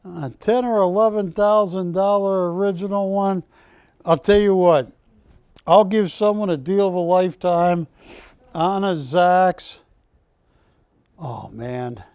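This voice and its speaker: A man's voice: high-pitched, takes it slowly, long pauses, darkish tone, clean tone, no echo. A man hosting a live shopping channel broadcast, selling art with chatty, jokey banter from a studio. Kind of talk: live TV sales pitch.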